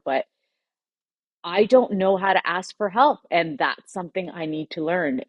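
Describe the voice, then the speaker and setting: A woman guest on a podcast, telling a personal story in a heartfelt way, pausing and choking up at times. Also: low voice, no echo. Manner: heartfelt, pauses and chokes up while recounting.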